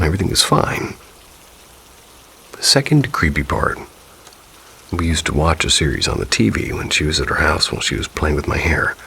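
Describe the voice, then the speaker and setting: A man with an extremely deep voice and a gravelly edge narrates in a calm, measured way. Faint hiss sits under the recording. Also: rough recording. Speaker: narrator of submitted ghost stories. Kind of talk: scripted narration.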